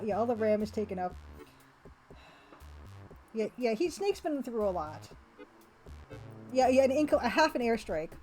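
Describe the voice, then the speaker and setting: A woman's voice: fairly high pitch, mellow, poor audio. A woman streamer chatting casually and laughing often as she plays a retro game, reading its text aloud. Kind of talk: casual live-stream chat while playing a retro game.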